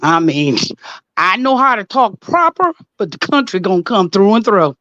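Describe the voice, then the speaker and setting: A woman's voice: mid-range voice, very animated, moderate pace, fairly bright tone, dry recording, highs cut off. A woman in her sixties calling in to a live stream, cheerful and folksy, laughing easily. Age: 60s. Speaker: caller. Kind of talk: call-in chat.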